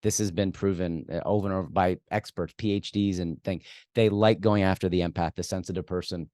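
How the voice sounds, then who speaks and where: A man's voice: low voice, fairly even intonation, fairly quick, darkish tone, no room sound, clean studio sound. A man speaking as a guest expert in an interview, giving direct, emphatic advice and acting out the lines he suggests people say. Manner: direct, emphatic, acts out what to say. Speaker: guest expert on workplace conflict.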